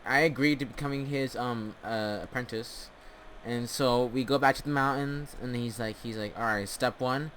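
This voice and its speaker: A man's voice: medium pitch, fairly even intonation, fairly bright tone, slight background noise. Rambling young guy telling a story. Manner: rambling, halting, many restarts. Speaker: storyteller and gamer. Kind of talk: rambling casual storytelling while gaming.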